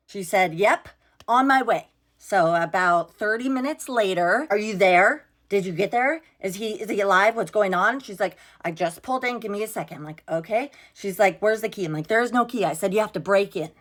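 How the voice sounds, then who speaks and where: A woman's voice: medium pitch, lively intonation, a little fast, a bit bright. A young woman telling a storytime vlog in a casual, exasperated way, swearing freely and acting out what everyone said. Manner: exasperated, swears freely, quotes herself and others.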